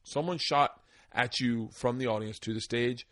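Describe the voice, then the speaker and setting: A man's voice: mid-range voice, normal speed, fairly bright tone, no echo. Middle-aged male comedian host, mid-range voice, rambling swear-heavy storyteller, dry close sound. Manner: rambling, profane storyteller, acts out quoted voices. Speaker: podcast host. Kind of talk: casual chat.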